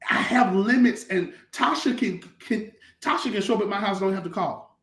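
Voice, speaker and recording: A man's voice: sits high, moderate pace, fairly bright tone, reverberant. A man, a pastor, talking casually and emphatically, telling stories with a lot of repetition. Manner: emphatic, repetitive, colloquial storytelling. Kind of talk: conversational talk-show teaching.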